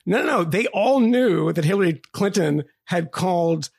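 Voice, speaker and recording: A man co-hosting a podcast, talking casually in an animated, storytelling way with frequent laughs and restarts. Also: sits high, moderate pace, creaky, breathy edge. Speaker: podcast co-host.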